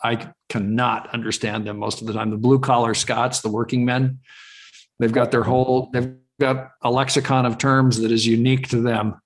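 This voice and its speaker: A man from California hosts a live webinar over a video call. His voice sits at an ordinary middle pitch. He talks in a loose, rambling way, full of "um"s and restarts. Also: level tone, moderate pace. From California, USA. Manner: rambling and chatty, with frequent fillers and restarts. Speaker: webinar host. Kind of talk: casual live webinar chat.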